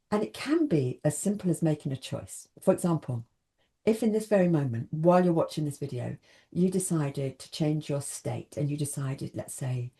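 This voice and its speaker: A woman's voice: deep voice, warm tone. A woman giving an earnest motivational talk, speaking directly to the viewer and often asking them questions. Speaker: self-help speaker.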